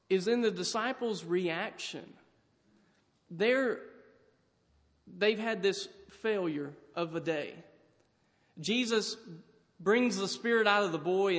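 High-voiced preacher in a reverberant hall. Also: male voice, a bit bright. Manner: dramatic storytelling, acts out voices. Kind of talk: sermon.

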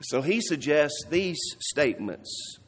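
A male pastor giving an earnest sermon, slowing down and softening to stress key phrases. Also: a little high, very animated, in a large hall. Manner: earnest, warm preaching with soft, slowed emphasis on key phrases.

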